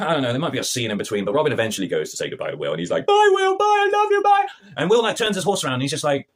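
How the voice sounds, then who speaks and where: A man talks quickly through a TV episode he dislikes, and he sounds exasperated and sarcastic. His slangy retelling swings widely in pitch, jumping up and down as he mocks the characters. He keeps up a rapid, lively rant throughout. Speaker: film and TV reviewer. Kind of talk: ranting review to camera.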